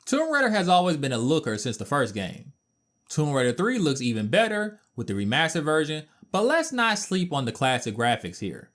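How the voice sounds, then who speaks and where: Male game reviewer reading a scripted voice-over; somewhat high pitch, very expressive, playful and mock-indignant. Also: moderate pace. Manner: animated, playful asides and mock outrage.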